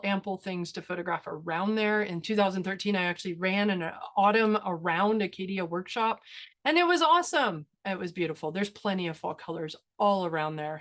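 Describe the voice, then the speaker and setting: A woman photographer and workshop instructor giving a webinar presentation and answering questions, talking enthusiastically with lots of fillers and laughter. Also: lowish voice. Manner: enthusiastic, animated storytelling with frequent fillers and laughs. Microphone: video call.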